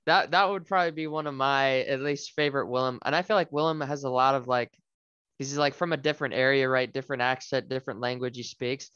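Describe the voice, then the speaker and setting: Smooth-voiced male co-host, dry lo-fi audio. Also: medium pitch, steady tone, fast, fairly bright tone, dry recording. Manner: easygoing, agreeable, hedging with "like". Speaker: podcast co-host. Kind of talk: casual book discussion. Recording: dry, slightly dull lo-fi audio.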